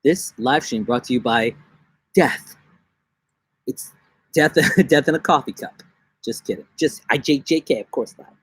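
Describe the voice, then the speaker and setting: On a casual live stream from his backyard, a young New Yorker rambles and jokes, now and then slipping into silly high-pitched voices. He speaks at normal speed with frequent pauses, and his voice is a bit bright with a breathy edge. The outdoor recording has no echo.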